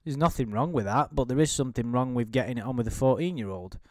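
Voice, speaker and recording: A man's voice: medium pitch, fast talker, no echo, studio quality. A man giving casual, rambling commentary while reading out a chat log, full of swearing, restarts and laughter.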